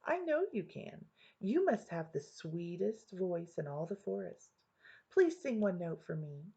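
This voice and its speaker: A woman voicing a sly, flattering male fox from a storybook, speaking slowly in a coaxing, sweet tone. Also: on the low side, vocal fry, slightly rough, exaggerated voice. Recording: dull lo-fi recording.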